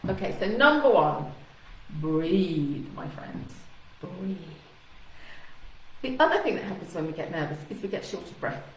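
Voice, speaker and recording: A woman's voice: medium pitch, sing-song, fast, far from the mic. Echoey, chatty woman coaching on camera. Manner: warm, chatty and encouraging, acting out anxious thoughts. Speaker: communication coach. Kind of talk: live coaching talk to camera. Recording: echoey room with faint noise.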